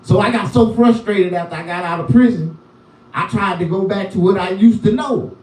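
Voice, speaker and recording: A man's voice: high-pitched, normal speed, darkish tone, recorded from a distance. A man doing loose, rambling stand-up on a live stream, with a profane and repetitive manner. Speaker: comedian. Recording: roomy sound, voice from the mic.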